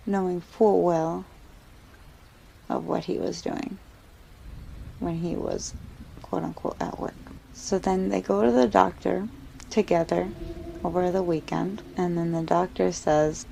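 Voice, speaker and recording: Gravelly-voiced woman telling a story casually. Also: lowish voice, measured pace, warm tone, a little hiss or hum, rough recording. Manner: casual, filler-heavy narration.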